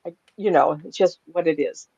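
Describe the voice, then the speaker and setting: A woman's voice: deep voice, normal speed, a little mellow, breathy edge, dry recording. Older woman telling a chatty story, dull sound. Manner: chatty, laughs often, acts out quoted voices. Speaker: psychic medium guest. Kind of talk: casual storytelling. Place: home.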